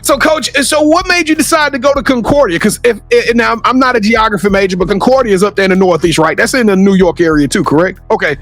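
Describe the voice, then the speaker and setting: A man hosting a sports talk show, loud and playful, joking and often shouting. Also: high voice, quick pace, hardly any pauses, no room sound, faint music behind. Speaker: podcast host. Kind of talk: casual chat.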